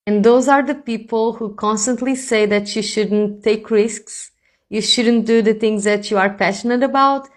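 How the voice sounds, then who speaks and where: A woman's voice: fairly high pitch, fairly even intonation, moderate pace. A woman giving an intuitive reading straight to her viewers, reassuring and calling them "my loves". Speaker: spiritual reader.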